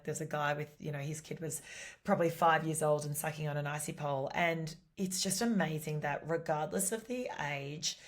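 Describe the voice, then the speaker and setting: An Australian woman, a podcast host, chatting casually on her solo show in a lively, talkative way with lots of "you know" and "like". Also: low-pitched.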